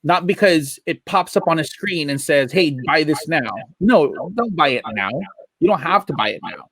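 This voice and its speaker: Male podcast co-host, higher voice, dry close sound, easygoing and jokey. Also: normal speed, dry recording. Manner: animated, laughs a lot, jokey. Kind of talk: casual chat.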